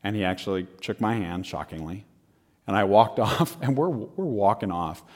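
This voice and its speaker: A man telling a personal story in a lively way, often laughing and acting out the people in it. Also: fairly low pitch, moderate pace. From United States. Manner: lively, laughing as he tells it, acts out voices.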